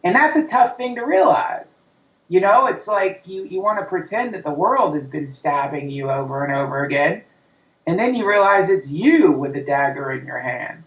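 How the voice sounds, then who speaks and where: The comedian, speaking as an interview guest, rants intensely and with plenty of profanity, now and then performing the voice of his inner critic. His voice is high, animated, slightly bright, and paced normally, captured in a roomy, distant, dull-sounding recording.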